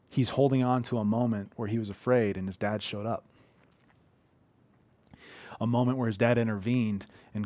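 A man's voice: mid-range voice, darkish tone, dry recording. Man, 30s, pastor, heartfelt conversational sermon, personal stories, dry sound. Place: living room.

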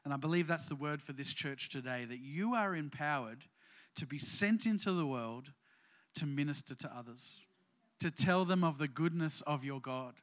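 Aussie pastor guy preaching, bit higher voice, chatty with lots of uhs then gets emphatic. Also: lively intonation, moderate pace, fairly bright tone. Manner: conversational preaching with frequent "uh" fillers, rising to emphatic declarations. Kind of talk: sermon.

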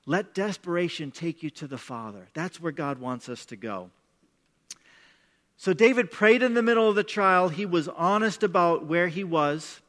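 A middle-aged pastor's voice sits high and fairly bright as he preaches expressively at a moderate pace. Emphatic and conversational, he often repeats words when starting sentences, and the sound carries the long reverb of a large hall.

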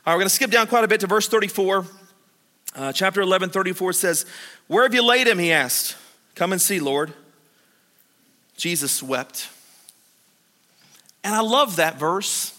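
High, bright-voiced preacher in a reverberant hall. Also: male voice. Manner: animated, acts out the disciples and Martha in quick paraphrased voices. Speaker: pastor. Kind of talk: sermon.

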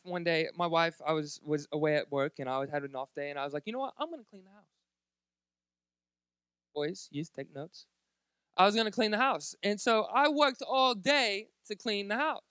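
High-voiced joking male preacher. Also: fairly bright tone, clean tone, no echo, studio quality. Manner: jokey, chatty, talks straight to the congregation. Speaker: pastor. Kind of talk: sermon. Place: church service before a live congregation.

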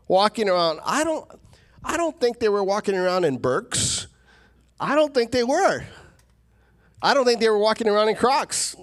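Animated higher-voiced male preacher. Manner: animated preaching, rising to emphatic peaks. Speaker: pastor. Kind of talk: sermon.

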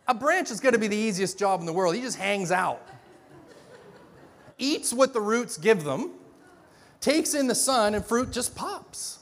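A middle-aged man preaches in a loose, conversational way, restarting phrases and acting out little scenes. His voice sits high for a man. The sound rings with the long reverb of a large church hall. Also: measured pace, creaky, long pauses. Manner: animated, conversational, many restarts, acts out dialogue. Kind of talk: sermon.

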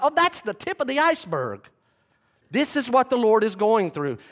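Animated preacher man, higher voice. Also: normal speed. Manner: dramatic retelling, acting out quoted figures. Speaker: pastor. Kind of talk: sermon.

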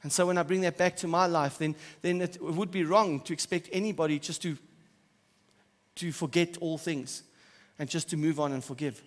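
A man preaching a sermon as pastor, swinging between loud emphatic stretches and quiet, soft asides. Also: a little high, fairly even intonation, moderate pace. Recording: church hall with long reverb.

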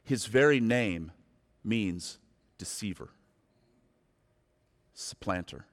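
A man preaching a sermon as pastor, turning from quiet, slow reflection to loud, fervent pleading with his listeners. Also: fairly low pitch, lively intonation. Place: church sanctuary. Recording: long hall reverb.

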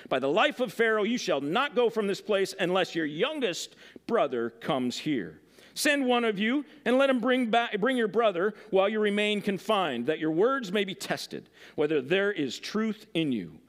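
A man's voice: high voice, very animated, a little slow, pitched below the performer's own voice. A man reading the lines of a harsh, suspicious ruler in scripture. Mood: stern.

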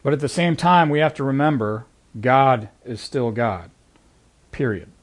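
A man's voice: mid-range voice, expressive, a little slow. A man preaching a sermon in an earnest, conversational way, leaning into key lines with sudden emphasis. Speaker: pastor.

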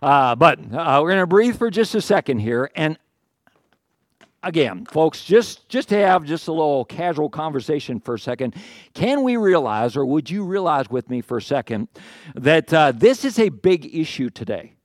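The pastor, a middle-aged man with a fairly high, very animated voice, preaches at a moderate pace and is out of breath. He talks to the congregation conversationally, teasing himself, wandering into asides, and asking them rhetorical questions. Studio-quality sound, no room sound at all.

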